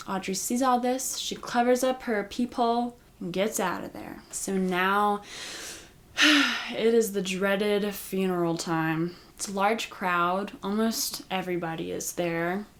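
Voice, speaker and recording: A woman giving a casual, chatty recap of a TV episode, with lots of "like" and "you know". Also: mid-range voice. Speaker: recap host.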